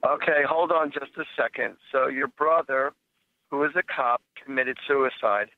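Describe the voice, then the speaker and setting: A man's voice: mid-range voice, normal speed, dry recording. A man hosting a psychic call-in radio show, chatting casually and telling jokes in a rambling way. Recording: dry phone-like sound.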